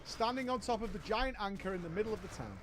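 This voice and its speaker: High-pitched guy telling a funny gaming story, dry and fed up. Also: animated, quick pace, noisy background. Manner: wry, exasperated, often laughing. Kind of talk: comic gaming story narration.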